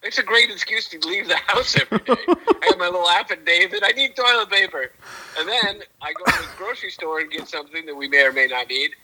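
A man's voice: high-pitched, quick pace, pushed and bright, husky. A man calling in by telephone as podcast co-host, talking casually in a hesitant, stammering way with dry humor. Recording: tinny telephone line.

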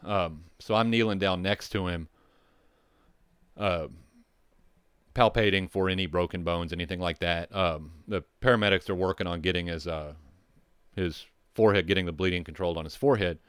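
A man's voice: low voice, normal speed, a bit bright, clear, resonant tone, dry recording, clean studio sound. A man telling a rambling, profane story from his firefighting job, with restarts and asides. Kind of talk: casual storytelling.

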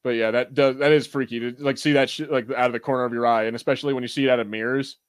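American guy, mid-pitch, dry close mic; laid-back podcast co-host, laughs and swears easily. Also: steady tone, rapid-fire, no echo. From United States. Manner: laughs often, swears casually. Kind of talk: casual chat.

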